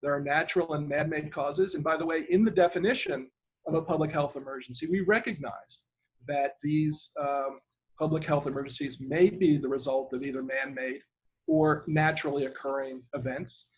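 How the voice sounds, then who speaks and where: This retired government lawyer from Ireland, an older man, gives an interview at normal speed in a steady tone. His talk is rambling and halting, with pauses to spell out names, and his husky voice sits a little high for a man. The sound is dull and lo-fi, like an ordinary video call.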